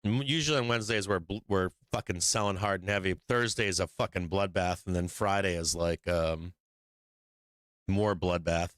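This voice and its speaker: A man with a bright, crisp voice and a lowish pitch, riffing through live market commentary. He swears freely and rambles as he sketches charts on the fly. The sound is dry and close, with no room around it. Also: normal speed, dry recording. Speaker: stock market livestream host.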